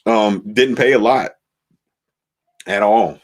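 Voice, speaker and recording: A man, a pastor, telling the story of his church's beginnings in a relaxed conversational way, with many fillers and restarts. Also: fairly low pitch, takes it slowly.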